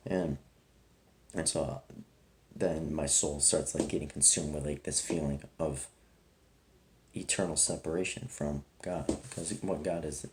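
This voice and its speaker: Young man, very low pitch, mellow dark tone, rambling, earnest, filler-heavy, faint hiss behind. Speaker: vlogger telling a personal testimony. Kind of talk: casual spoken testimony.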